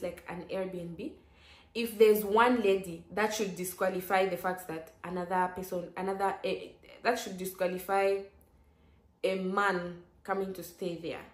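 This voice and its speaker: Young woman, story-time vlogger, chatty and exclaiming, roomy echo. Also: medium pitch. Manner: chatty, lively, many "like" fillers and sudden exclamations. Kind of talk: casual storytelling.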